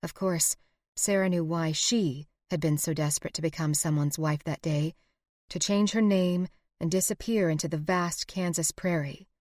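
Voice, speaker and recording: A woman narrating a historical romance audiobook in a steady, expressive reading. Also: lowish voice, normal speed, no room sound, studio quality. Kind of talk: scripted narration.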